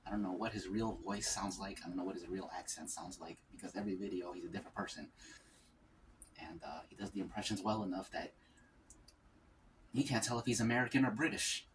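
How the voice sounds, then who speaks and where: A man with a fairly low voice chats while he eats, rambling from thought to thought and musing aloud. He sits some way back from the microphone. A faint ambient noise hangs behind him. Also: brisk, recorded from a distance. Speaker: mukbang vlogger. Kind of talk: casual mukbang chat.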